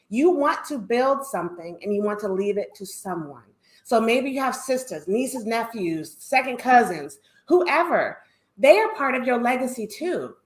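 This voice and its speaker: A woman's voice: a little high, roomy sound. A woman speaking as a panel guest, blunt and emphatic, repeating her key lines for weight. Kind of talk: panel discussion.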